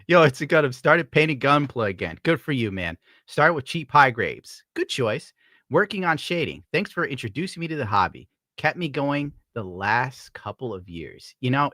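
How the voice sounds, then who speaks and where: Brief: male streamer, bright forward tone, dry close mic, swears freely, rambles and jokes between donation reads. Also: medium pitch, no echo. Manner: profane, rambling, jokey. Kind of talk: casual live-stream chat.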